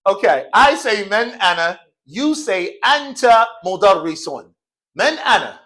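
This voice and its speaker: A man's voice: high voice, lively intonation, a little fast, bright, forceful tone. A man teaching an Arabic class in a mosque classroom, drilling students in call and response, joking and laughing often in slangy casual speech.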